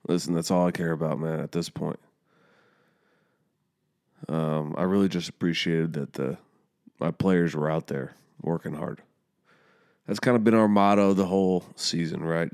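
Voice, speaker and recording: A man's voice: deep voice, fairly even intonation, normal speed, creaky, long pauses, darkish tone. A young man casually telling a heated, profane story about coaching youth soccer.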